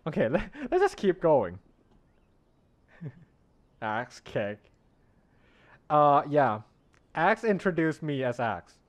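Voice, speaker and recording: A man's voice: on the high side, sing-song, takes it slowly, pauses often. A man streaming a game, chatting casually with viewers and laughing often. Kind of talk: casual live-stream chat. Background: faint lofi background music.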